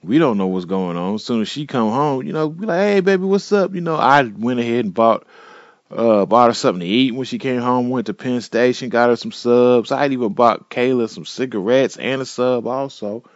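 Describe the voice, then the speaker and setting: A man's voice: medium pitch, moderate pace, dry recording. Man, casual profane storytelling, dull lo-fi sound, dry. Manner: laid-back, profane, digressive, with frequent fillers.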